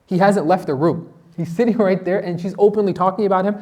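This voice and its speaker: A man's voice: high voice, fast talker, dark tone. A man teaching a Quran lesson as an imam, asking his class questions and reciting Arabic verses.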